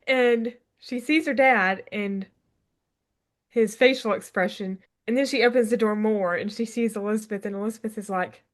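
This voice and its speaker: A woman's voice: mid-range voice, normal speed. A woman co-hosting a podcast, chatting casually about a TV episode, retelling scenes and quoting characters with a laugh. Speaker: podcast co-host. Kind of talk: casual chat recapping a TV episode.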